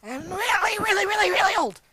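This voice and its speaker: A man's voice: extremely high pitch, a little fast, crowd noise, voice pushed up, rough recording. A young man doing a rambling ancient old man. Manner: rambling, crude, excitable storytelling. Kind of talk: amateur comedy monologue.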